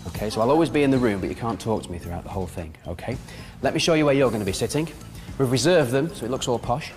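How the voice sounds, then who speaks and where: A man's voice: medium pitch, lively intonation, rapid-fire, darkish tone, long reverb tail. A man presenting a prank show on location in an upbeat, jokey way. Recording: music over the voice.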